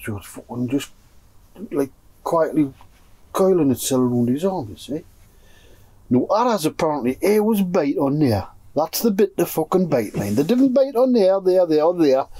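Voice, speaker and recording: A man's voice: on the high side, very animated, normal speed, warm tone. A man with a Geordie accent telling a long story to friends in a pigeon loft, swearing constantly and acting out what everyone said. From North East England. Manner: swears constantly, acts out other people's lines. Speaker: pigeon fancier telling stories. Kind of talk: casual storytelling among friends.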